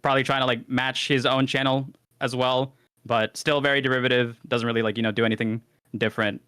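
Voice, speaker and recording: A man arguing in a casual online debate over a voice call, talking fast and rambling through his points. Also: medium pitch, little pitch movement, pushed and bright, clean tone, no echo, studio quality. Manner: rapid, argumentative, rambling. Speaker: debater, YouTuber.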